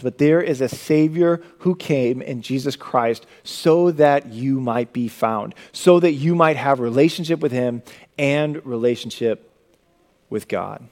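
A young adult man preaching a sermon, swinging from loud, emphatic lines to hushed, low passages. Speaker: pastor.

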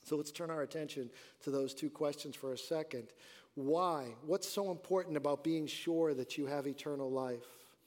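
A man's voice: on the high side, moderate pace, darkish tone. Earnest male pastor preaching in a hall. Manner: earnest preaching, rising and dropping emphasis. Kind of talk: sermon. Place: church sanctuary. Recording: church hall reverb.

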